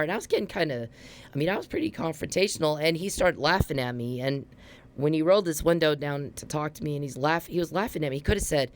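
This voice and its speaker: A woman's voice: low-pitched, fairly quick, slight background noise. A woman hosting a podcast, telling a rambling, heated story at speed and swearing freely. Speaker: podcast host. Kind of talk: casual monologue.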